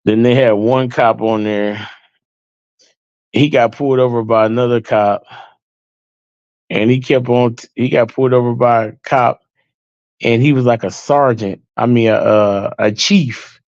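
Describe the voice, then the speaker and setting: A man's voice: medium pitch, fairly even intonation, a little slow, long pauses, darkish tone, no room sound, highs cut off. A man hosting a livestream, telling stories to his viewers in a loose, chatty way and calling them y'all. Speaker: livestream host. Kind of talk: casual storytelling to viewers.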